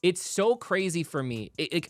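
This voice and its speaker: A man's voice: a little high, animated, moderate pace, fairly bright tone, dry recording. A man co-hosting a casual music reaction show who explains vocal technique in plain terms, with lots of "like" fillers. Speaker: music producer and co-host.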